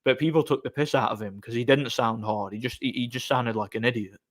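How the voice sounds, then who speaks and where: A man talks casually on a live stream, answering comments in a rambling, sarcastic way. His voice sits at an ordinary middle pitch, and he fills his talk with ums and false starts. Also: fairly even intonation, fairly quick. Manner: sarcastic, rambling, frequent fillers and restarts.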